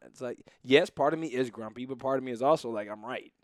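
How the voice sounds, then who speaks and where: A man's voice: medium pitch, fast talker, no echo, clean studio sound. A man co-hosting a podcast in casual chat, talking in a blunt, direct, grumbling way. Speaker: podcast co-host.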